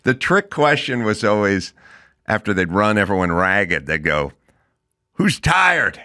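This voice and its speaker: A middle-aged podcast host chats casually on his talk show, spinning animated stories and acting out quotes in mocking voices during an interview. His voice is fairly low-pitched and clear with a resonant tone, at a normal speed.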